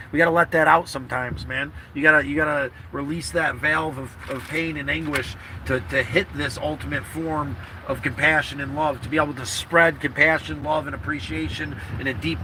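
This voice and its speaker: A man records a casual vlog from a car, his voice sitting a little high. He talks in a heartfelt, rambling way and swears freely. Clear outdoor and road noise runs underneath. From New York. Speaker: vlogger. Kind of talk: emotional casual vlog talk.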